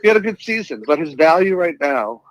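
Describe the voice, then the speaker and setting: A man's voice: on the high side, big pitch swings, brisk, no echo, low-quality recording. Laid-back Boston man, dry sound. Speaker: guest writer. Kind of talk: casual sports talk.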